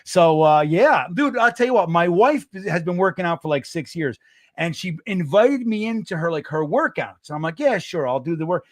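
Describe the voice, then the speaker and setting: A middle-aged man, co-hosting a casual sports podcast, animated and swearing, acting out quotes in a raised voice. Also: sits high, normal speed, no echo, studio quality. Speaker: co-host.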